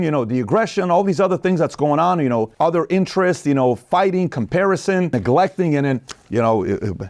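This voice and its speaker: A man's voice: medium pitch, sing-song, fast talker, hardly any pauses, a little mellow, no room sound, studio quality. A man hosting a commentary monologue, talking emphatically and preachily with many rhetorical questions. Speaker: host.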